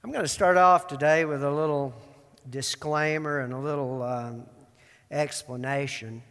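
A man's voice: fairly high pitch, fairly even intonation, a little slow, fairly bright tone, clear, resonant tone. A man from Georgia, preaching in a folksy, self-deprecating way. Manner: folksy and self-deprecating, acts out film lines. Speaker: pastor. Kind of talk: sermon. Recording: long hall reverb.

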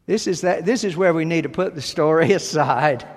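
A man preaching a sermon as pastor, speaking deliberately and with emphasis, pausing between phrases. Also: fairly high pitch, big-room sound.

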